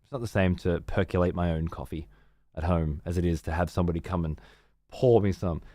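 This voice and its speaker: A man's voice: low voice, fairly even intonation, a little fast, warm tone, dry recording, clean studio sound. A man streaming a game, chatting casually in a rambling, heavily profane way.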